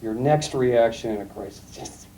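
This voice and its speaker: A middle-aged man giving a classroom lecture, telling anecdotes in a calm, emphatic storytelling way. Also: medium pitch, moderate pace. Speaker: guest lecturer. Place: lecture room. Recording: distant mic, faint room noise, archival tape.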